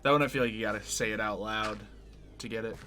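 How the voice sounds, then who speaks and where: A man's voice: on the low side, a little fast, very noisy. A man streaming a game and chatting casually with his viewers, rambling loosely from one thought to the next. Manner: relaxed, rambling, talking to chat between tasks. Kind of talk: casual live-stream chat while playing. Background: background music.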